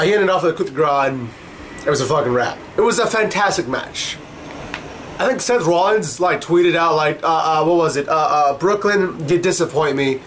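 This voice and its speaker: A man's voice: fairly high pitch, a bit bright, slight background noise. Heated, profane young man ranting. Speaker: wrestling commentator vlogger. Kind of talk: ranting commentary.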